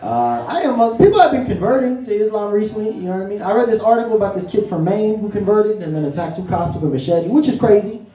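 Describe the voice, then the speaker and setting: A man's voice: sits high, fast, hardly any pauses, dark tone. A young man from New City, doing a conversational stand-up set in a small comedy club, tagging lines with "you know?" and acting out quoted voices. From New York City. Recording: roomy club audio from a distance with audience laughter.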